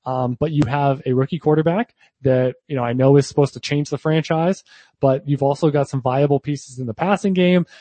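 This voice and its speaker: A man's voice: medium pitch, fairly even intonation, a little fast, mellow, no room sound. A man co-hosting a fantasy football show, chatting casually with lots of fillers and restarts. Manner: talkative, frequent fillers and restarts. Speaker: podcast co-host.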